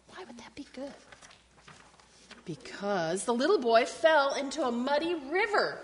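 Animated woman reading aloud to kids. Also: high-pitched, unhurried, long reverb tail. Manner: animated storyteller, acts out sound effects. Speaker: teacher. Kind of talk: reading a picture book aloud to children.

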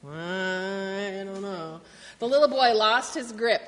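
Animated woman reading aloud to kids. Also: mid-range voice, slow pace, in a large hall. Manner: animated storyteller, acts out sound effects. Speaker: teacher. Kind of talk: reading a picture book aloud to children.

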